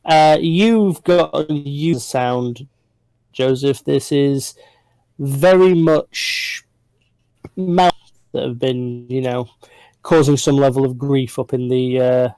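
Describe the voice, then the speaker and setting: A man narrating a tabletop game as game master, describing scenes in an unhurried way with frequent fillers. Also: mid-range voice, a little mellow, clean tone, dry recording, rough recording.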